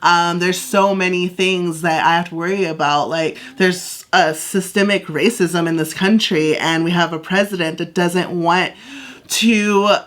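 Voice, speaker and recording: A woman's voice: lowish voice, fairly even intonation, measured pace, fairly bright tone. Chatty young woman podcast co-host. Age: young adult. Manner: chatty storyteller, acts out quoted voices, frequent "like". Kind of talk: casual chat.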